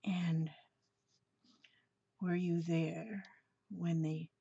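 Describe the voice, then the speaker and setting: Soft-spoken gushing woman, slow and low. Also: husky, no room sound. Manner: gushing, exclaims often. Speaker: crafting vlogger. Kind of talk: casual show-and-tell of a mail package. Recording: slightly dull home recording with faint noise.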